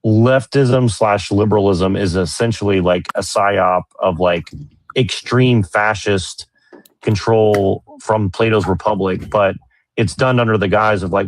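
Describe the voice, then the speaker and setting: Gravelly low man rambling. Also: unhurried, no room sound. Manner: rambling, heavy on filler words. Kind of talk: casual philosophical debate.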